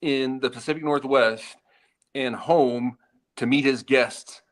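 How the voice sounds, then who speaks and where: A man's voice: medium pitch, fairly even intonation, slow pace. A man speaking as a guest in a live Q&A, earnest and prone to stammering restarts. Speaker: guest, retired FBI agent. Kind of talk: live Q&A discussion.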